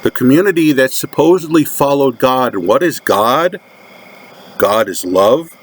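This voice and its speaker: Slow, deliberate man preaching earnestly. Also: medium pitch, expressive. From United States. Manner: slow, deliberate, emphatic repetition. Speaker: religious commentator. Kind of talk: sermon-like monologue.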